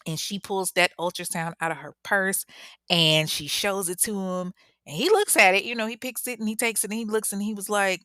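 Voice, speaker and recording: Slangy, animated woman storyteller. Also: fairly low pitch, measured pace, no echo, clean studio sound. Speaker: true-crime storyteller. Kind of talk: casual storytelling.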